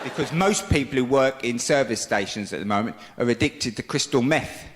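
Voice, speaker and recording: A middle-aged man doing a cheeky, wry stand-up routine, now and then bursting into shouted impressions. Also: mid-range voice, brisk, background noise. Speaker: stand-up comedian. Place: large comedy venue with live audience. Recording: echoey hall with audience laughter.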